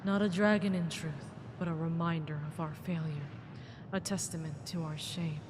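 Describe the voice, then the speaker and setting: A woman's voice: low-pitched, fairly even intonation, normal speed, noisy background, natural voice. A woman voicing an ancient, mournful male dragon who speaks in archaic, grave storytelling tones over game music. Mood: solemn grief. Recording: game music playing behind.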